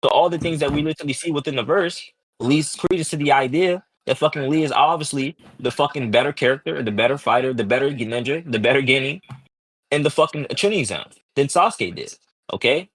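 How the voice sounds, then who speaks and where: A man's voice: medium pitch, a little fast, a bit bright, no echo, poor audio. Profane, combative male debater. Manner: profane, combative, repeats "right?" and "okay?". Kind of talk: heated online debate.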